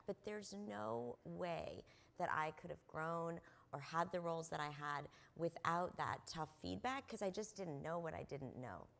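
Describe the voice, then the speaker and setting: A woman's voice: on the low side, vocal fry. A middle-aged woman on a convention panel, telling earnest stories about mentors with plenty of ums and uhs. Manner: earnest anecdotal storyteller with frequent fillers. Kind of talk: conference panel storytelling. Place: convention stage.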